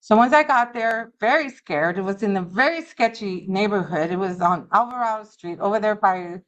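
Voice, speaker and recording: A middle-aged woman giving an earnest, halting personal recovery testimony at a meeting. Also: mid-range voice, dull audio. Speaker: alumni speaker at a recovery meeting. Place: meeting room.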